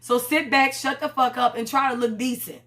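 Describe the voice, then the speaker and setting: Woman, young adult, casual vlog commentary, blunt, profane, slangy, higher voice. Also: fairly even intonation, moderate pace, bright, forceful tone. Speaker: reality TV reviewer.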